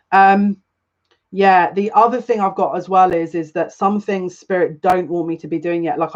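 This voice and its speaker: A woman's voice: on the low side, a little mellow, muffled recording. A woman reading tarot on a live stream, chatting with viewers in an emotional, rambling way, greeting them by name and restarting her sentences. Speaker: psychic reader on a live stream.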